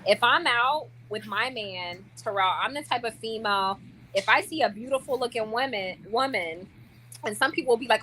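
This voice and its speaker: Brief: bright, forceful young woman, chatty vlogger, lots of fillers, faint ambience behind. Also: fairly high pitch, normal speed, a little hiss or hum. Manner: chatty and animated, many likes and restarts. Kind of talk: casual chat to camera.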